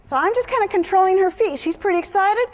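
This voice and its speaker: Her pitch is extremely high and animated, and she talks fast, with a long reverb tail trailing her words. Demonstrating in an arena, the trainer walks the audience through each step while cooing praise to her horse.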